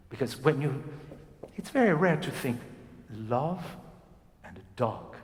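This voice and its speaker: A man coaching a singer in a masterclass. His voice sits at an average pitch and carries the long reverb of a concert hall. He explains in animated bursts and keeps acting out the phrasing himself. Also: a little slow, long pauses, slight background noise. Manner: animated, demonstrating phrases by speaking and singing them.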